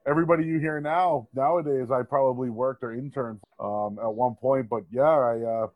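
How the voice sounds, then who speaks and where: A man's voice: mid-range voice, steady tone, normal speed, dry recording, narrow, tinny audio. A man in his thirties with a Boston accent, a sports radio host guesting on a podcast and telling his story in a laid-back, slangy way. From Boston area. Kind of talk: casual podcast chat.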